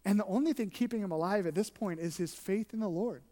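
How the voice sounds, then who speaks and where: A pastor preaching an earnest sermon, shifting between emphatic and hushed delivery. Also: mid-range voice, fast, in a large hall.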